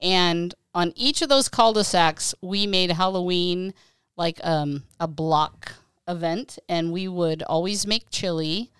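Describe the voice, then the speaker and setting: A woman's voice: fairly low pitch, slow, fairly bright tone, smooth, dry recording. A middle-aged woman co-hosting a family podcast, chatting casually and laughing often. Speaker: podcast co-host. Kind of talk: casual chat.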